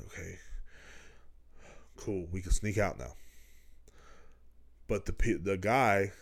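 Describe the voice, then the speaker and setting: A man's voice: low voice, animated, takes it slowly, vocal fry. A man, hosting a podcast and telling rambling, profane stories, laughing as he goes. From Texas. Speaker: podcast host. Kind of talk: casual storytelling.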